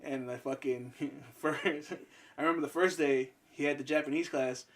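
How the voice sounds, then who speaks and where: High-pitched young guy, podcast cohost, swears constantly, does goofy voices in his stories, bit far off mic. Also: normal speed. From Mexican heritage, US. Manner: profane, animated storytelling with put-on voices. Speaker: podcast co-host. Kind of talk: casual comedic chat.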